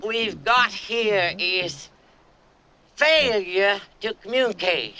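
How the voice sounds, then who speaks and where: A stern drawling Southern prison boss. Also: male voice, high voice, animated, bright, forceful tone, smooth, dry recording, exaggerated voice. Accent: Louisiana. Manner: slow, deliberate drawl.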